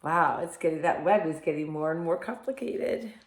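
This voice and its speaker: A woman, a kindergarten teacher, reading a picture book aloud to young children in an animated storytelling manner and inviting them to say lines along with her. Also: sits low, moderate pace. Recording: roomy echo.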